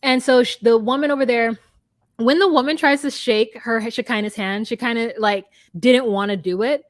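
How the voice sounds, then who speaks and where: Animated woman retelling scenes, higher voice. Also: no echo, studio quality. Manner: animated storyteller acting out both sides of scenes in quick voices. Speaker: podcast co-host recapping a reality show. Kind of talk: casual chat.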